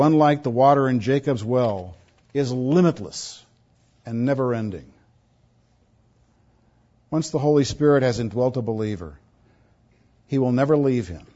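Pastor, male, emphatic sermon delivery with repetition, a touch high-pitched, dull lo-fi recording. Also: darkish tone. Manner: emphatic, repeats words for stress.

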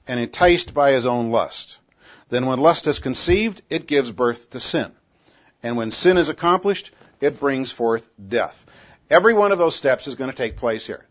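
A man teaching a Bible passage in a conversational sermon, often restarting and correcting himself. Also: mid-range voice. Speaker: pastor. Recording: dull lo-fi sound.

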